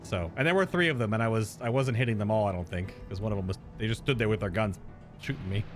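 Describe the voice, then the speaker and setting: A man's voice: lowish voice, fast talker, soft background music. A man streaming a video game, giving a casual, rambling reaction commentary as he plays and laughing often.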